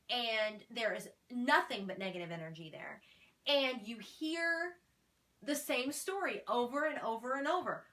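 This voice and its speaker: A woman talks casually as she recaps an episode, chatty and animated, slipping into the lines of the people she quotes. Her voice is bright and sits a little high. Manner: chatty and animated, retelling scenes with quoted dialogue. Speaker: video host recapping a TV episode. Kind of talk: casual commentary vlog.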